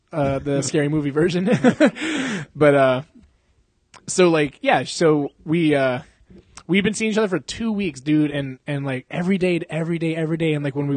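This young man's voice sits a little high with a darkish tone, and there's no echo. As a podcast co-host on a podcast mic, he recounts a story in a relaxed, profane manner, laughing frequently.

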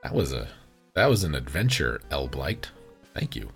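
A man's voice: a bass voice, sing-song, normal speed, creaky, fairly bright tone, faint music behind. A man hosting a podcast, reading game reviews aloud for comic effect and pronouncing every comma, period and capital letter in mockery. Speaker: podcast host. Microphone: video recording.

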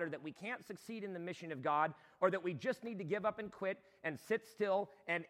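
A man preaching a sermon in a high, bright voice, talking to the congregation like friends and rising now and then to a shout. His voice rings out with a long hall echo behind it, as if from a church sanctuary. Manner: impassioned, conversational preaching with sudden shouts. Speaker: pastor.

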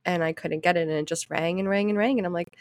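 A woman in her thirties co-hosting a podcast, telling a story in casual chat, animated, swearing freely, often laughing. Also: lowish voice, fast, no echo. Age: 30s. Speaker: podcast co-host.

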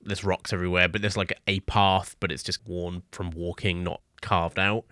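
A man running a tabletop game, describing the scene in a relaxed, casual way with many fillers. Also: deep voice, normal speed, dry recording, studio quality. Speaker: game master.

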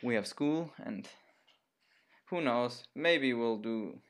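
A young man co-hosting a casual podcast, hesitant and halting as he talks. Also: mid-range voice, expressive, fairly bright tone. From Germany and Chile. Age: young adult. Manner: halting, hesitant, restarts a lot. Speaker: podcast co-host.

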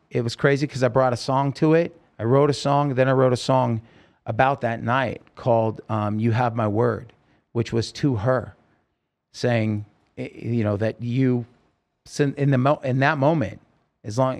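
Guy with a fry-heavy voice, mid pitch, rambling through an emotional story on a podcast. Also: darkish tone. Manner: rambling, emotional retelling with many fillers. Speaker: podcast guest telling his story. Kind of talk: casual storytelling interview.

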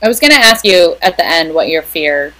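A woman's voice: on the low side, expressive, brisk, a bit bright, low-quality recording. Chatty, teasing young woman co-host. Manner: chatty and teasing, lingers on details. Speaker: podcast co-host. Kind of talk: casual chat.

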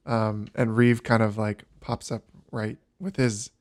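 A man narrating a tabletop game as game master in a relaxed, halting way. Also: fairly low pitch.

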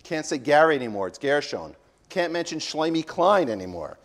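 A man's voice: a little high, big pitch swings, normal speed. A man teaching a comedic parody of a daily Talmud class, rambling and breaking off into jokey asides and corrections of himself. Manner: jokey, mock-serious.

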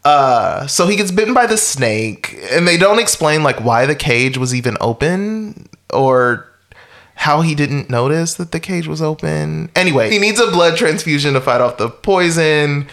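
A man co-hosting a podcast recaps a film casually, with rambling wry commentary, frequent chuckles and fillers. His fairly high voice is gravelly and a bit bright, with lively intonation at a moderate pace.

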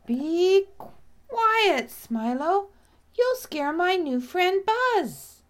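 Woman playing small shy lion cub for a storybook, childlike, higher voice. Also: big pitch swings, extremely slow, exaggerated voice. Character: little lion cub, young, lonely and shy.

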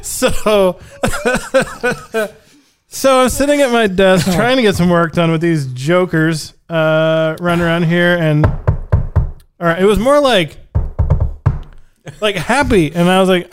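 A man's voice: high voice, takes it slowly, long pauses, soft background music. A man hosting a podcast, telling a long story in a rambling, laughing, profane way. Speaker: podcast host. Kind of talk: casual storytelling chat.

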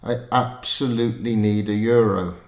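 A man's voice: lowish voice, steady tone, a little slow, gravelly, warm tone, roomy sound. A man voicing a scruffy small man who begs at a bus station, blunt and demanding. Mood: insistent.

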